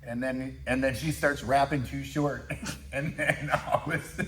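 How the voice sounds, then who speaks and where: A man's voice: medium pitch, steady tone, measured pace, a bit bright, a little hiss or hum. A middle-aged man, a coach and father, chatting casually and telling stories in a laid-back, self-mocking way. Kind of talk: casual chat.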